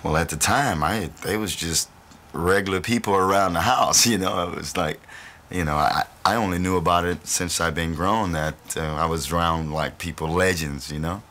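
A man's voice: sits low, normal speed, bright, forceful tone. A male blues musician, telling rambling stories with laughter. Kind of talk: relaxed storytelling interview.

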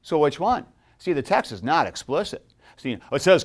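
A middle-aged man teaches a theology class in a classroom, speaking casually to his students. He tells stories with animation and drops jokes along the way, keeping a relaxed, conversational tone. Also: medium pitch, brisk. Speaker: seminary professor.

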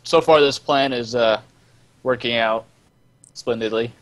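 A man's voice: medium pitch, unhurried. A man playing a tabletop game, cautious and tactical, laughing easily. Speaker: player. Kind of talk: casual tabletop play.

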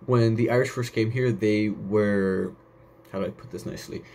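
A young man talks through a solo podcast episode in a loose, offhand way. His voice sits a little low, and he keeps wandering off topic before pulling himself back. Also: steady tone, normal speed, darkish tone. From United States. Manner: rambling, goes off on tangents, swears casually. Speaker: podcast host. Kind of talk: casual solo podcast monologue.

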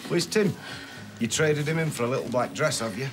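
A man's voice: medium pitch, brisk, noisy background, close to an everyday voice. An actor playing a joking working man who turns evasive and stammers. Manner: banter, then evasive stammering. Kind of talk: TV soap drama acting.

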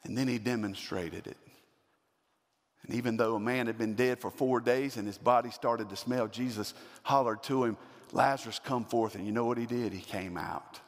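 A man's voice: medium pitch, fairly even intonation, moderate pace, long reverb tail. A man preaching a sermon as pastor, building to emphatic repeated questions. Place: church sanctuary.

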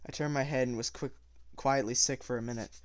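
A man reading a novel aloud at a steady pace, with small slips and self-corrections. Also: mid-range voice, a little fast, dry recording. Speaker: audiobook reader.

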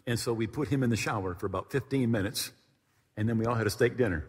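A middle-aged pastor with a medium-pitched, breathy-edged voice speaks quickly as he tells a story during a sermon, performing the voices of its characters. He addresses his congregation in a church sanctuary, and the recording carries a long hall reverb.

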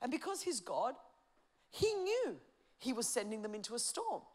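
Lady pastor preaching, high voice, goes from shouting to quiet. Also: sing-song, normal speed. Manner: passionate, shifting between shouting and quiet emphasis. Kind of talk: sermon.

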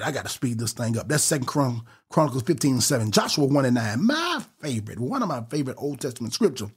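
A man preaching a fervent podcast sermon, exhorting listeners with quick bursts and drawn-out emphasis. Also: mid-range voice, very animated, breathy edge.

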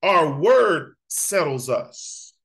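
Man, Bible study preacher, high voice, bright forceful tone, impassioned and repetitive. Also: big pitch swings, drawn-out words, vocal fry, husky, rough recording. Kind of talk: sermon-style Bible teaching.

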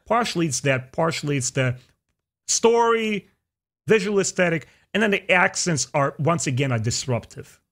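A man hosting a podcast, chatting casually and opinionatedly, his pitch jumping up for emphasis. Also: moderate pace. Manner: opinionated, animated, jumps into high pitch for emphasis. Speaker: podcast host. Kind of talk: casual chat.

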